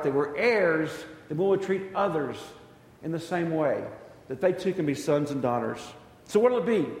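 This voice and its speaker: A man's voice: fairly high pitch, echoey room, big-room sound. A man preaching a sermon as pastor, telling stories and acting out the dialogue in them. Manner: storytelling preacher, acts out quoted dialogue.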